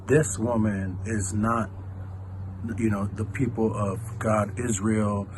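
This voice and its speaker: A man's voice: lowish voice, little pitch movement, slow, background noise. A man, a church elder, gives a casual devotional talk and retells a scripture passage in everyday, conversational speech.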